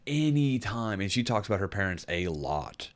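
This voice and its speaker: A man's voice: on the low side, very animated, moderate pace. A man chatting casually as a podcast co-host, rambling and searching for words with frequent restarts. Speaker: podcast co-host reviewing a game. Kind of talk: casual chat.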